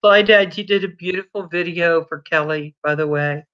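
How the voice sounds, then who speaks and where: A woman's voice: lowish voice, normal speed, a bit bright, highs cut off. Chatty woman greeting livestream viewers. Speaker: livestream host. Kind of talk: casual livestream chat.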